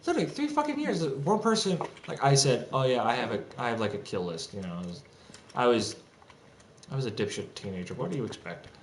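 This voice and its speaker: His mid-range voice is sing-song and fairly quick as this young streamer goes on a rambling, profane, agitated rant with lots of restarts. The recording comes from an echoey room at home, with faint typing and slight noise.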